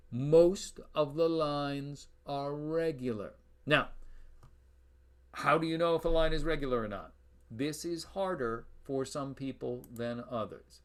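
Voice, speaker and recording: A male lecturer giving an online lecture on Shakespeare's verse, lively and jokey, chanting rhythms aloud into a webcam from a room at home. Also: a little high. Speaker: university lecturer.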